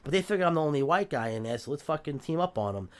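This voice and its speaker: A podcast guest with a New York accent tells jail stories in a casual, streetwise way, swearing freely and acting out the voices of people he quotes. His voice is slightly high and animated with a clean tone, and he talks at a racing pace.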